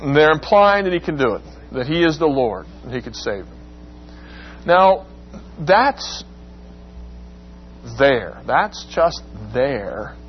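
A man's voice: very animated, takes it slowly, long pauses. A man teaching a Bible class, asking the class questions and acting out the quoted lines in a dramatic voice. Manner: questions the class and acts out quotes with rising pitch. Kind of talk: interactive Bible class lecture. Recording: dull lo-fi recording with faint hum.

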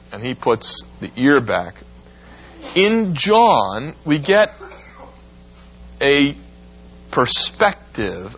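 A man teaching a Bible class, lecturing in a lively way and acting out quoted lines. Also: husky, lo-fi sound. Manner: animated, acts out quotes with rising pitch.

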